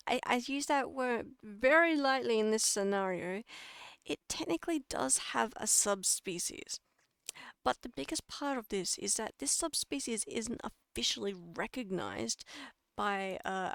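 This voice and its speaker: A chatty Australian woman talks her chat through a casual livestream lecture, laughing at herself and fixing her own slips as she goes. Her voice is smooth and clear, recorded dry and close with no room sound. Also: mid-range voice, no echo. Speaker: streamer giving a lecture.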